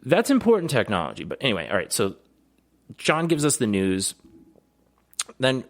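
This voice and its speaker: A man co-hosting a podcast in casual chat, rambling and profane, with animated storytelling. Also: mid-range voice, moderate pace. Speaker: podcast co-host.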